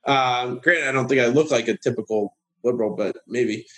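A man telling a long story on a casual podcast, sarcastic and animated, jumping into high voices to mimic other people. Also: moderate pace. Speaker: guest.

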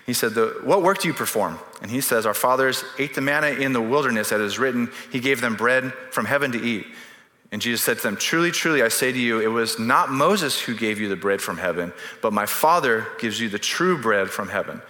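A man's voice: medium pitch, brisk, sharp tone. A man preaching a sermon, reading scripture and breaking into humorous, conversational asides. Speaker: pastor. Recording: echoey hall reverb.

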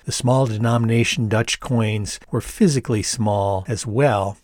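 An older man in his sixties narrates his own memoir in a measured, reflective and candid way. His voice sits on the low side and is recorded dry and close, with no room echo around it. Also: a little mellow. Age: 60s. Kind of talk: audiobook narration.

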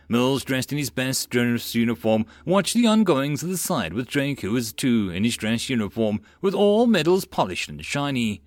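A man narrating a web novel audiobook in a lively storytelling manner. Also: mid-range voice, no room sound.

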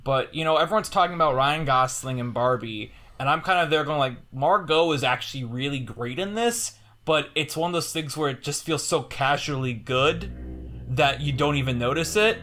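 A male podcast host with a fairly high, very bright voice. He chats casually and spins out long, enthusiastic opinions. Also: moderate pace.

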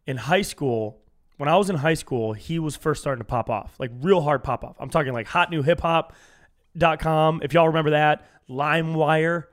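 A young man from California hosting a solo comedy podcast, telling casual stories and acting out strangers he quotes. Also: normal speed. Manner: animated storytelling, acts out quoted strangers in higher voice.

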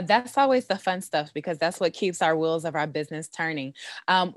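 Clean studio sound with no echo captures this American woman's lowish voice. She's a guest on a podcast, an esthetician and business coach who owns a beauty business, talking confidently and sprinkling in plenty of "you know"s.

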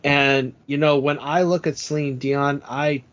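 A man's voice: a little high, fairly even intonation, measured pace, fairly bright tone, muffled recording. A man hosting a casual comedic chat about a film, trading jokes and asides. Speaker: podcast host.

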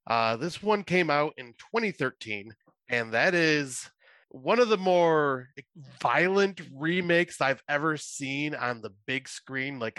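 A man co-hosting a podcast, telling animated stories and acting out quotes in casual chat. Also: mid-range voice, no echo. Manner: animated storytelling, acts out quotes. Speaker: podcast co-host.

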